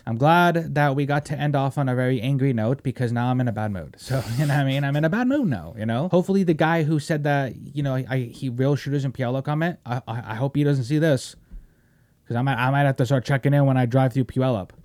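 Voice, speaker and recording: A male podcast host on a heated, profane rant. He mocks and jeers, jumping from loud outbursts to low grumbles. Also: fairly quick. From Washington State, US.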